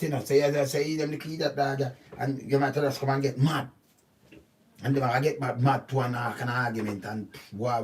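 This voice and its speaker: A man with a Jamaican accent giving casual, animated commentary on a news story, often stopping to ask "see?". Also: fairly high pitch. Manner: animated, repetitive, keeps asking "see?". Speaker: channel host. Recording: voice distant from the mic.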